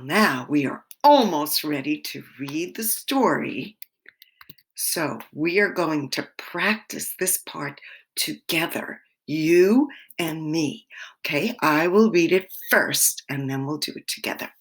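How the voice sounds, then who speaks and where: Slow, lively woman teaching young children. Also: low voice. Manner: gentle, encouraging, sometimes whispering. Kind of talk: slow, animated children's lesson.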